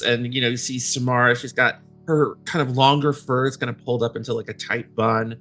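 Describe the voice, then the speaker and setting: A man's voice: mid-range voice, fairly even intonation, normal speed, few pauses, a bit bright. Guy running a tabletop game, loose and rambly, music under it. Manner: casual, rambling, many fillers. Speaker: game master.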